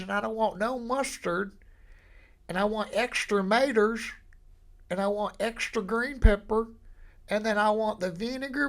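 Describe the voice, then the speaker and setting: A hollering Southern country customer with a gravelly drawl, pitched way up and pushing hard on every demand, as a man puts him on. His voice is high and loud, with a rough edge. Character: loud drawling rural Southern drive-thru customer, gruff.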